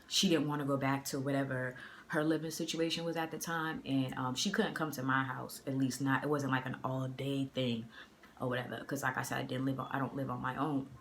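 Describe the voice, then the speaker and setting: A Boston-area woman vlogger tells a story in a casual storytime video, chatting loosely with plenty of fillers and slang. Her very deep voice stays level and moves fairly quickly. It's recorded on a phone camera, with slight background noise.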